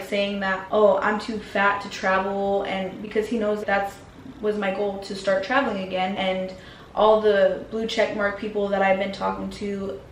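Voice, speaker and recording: A woman's voice: mid-range voice, far from the mic, a little hiss or hum. A woman vlogger telling a personal story in a frank, slangy, casual way. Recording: roomy, mic set back.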